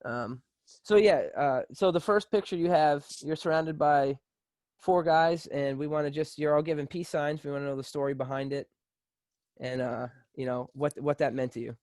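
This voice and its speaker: A man's voice: fairly high pitch, steady tone, normal speed, darkish tone, no room sound. A man hosting a casual interview, easygoing and a bit hesitant, asking about photos. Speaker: podcast host.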